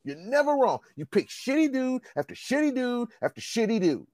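A man's voice: very high-pitched, sing-song, moderate pace, darkish tone, dry recording. A man in casual conversation, ranting bluntly and profanely. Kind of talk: casual chat.

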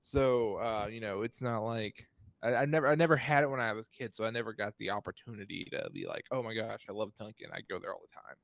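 An upbeat man hosting a relaxed chat, cracking jokes and laughing along with his guests. His voice sits at an ordinary pitch and sounds dry and close, with no room around it. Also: quick pace, gravelly, dry recording. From Texas. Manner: upbeat, jokey, laughs often. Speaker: host. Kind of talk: casual chat.

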